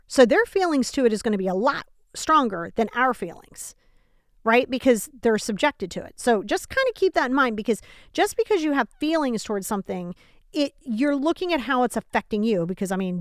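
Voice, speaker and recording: This self-help podcast host, a woman recording from home, has a slightly high, animated voice and a brisk pace. She speaks emphatically and casually straight to the listener, frequently posing rhetorical questions, in studio-quality sound without echo.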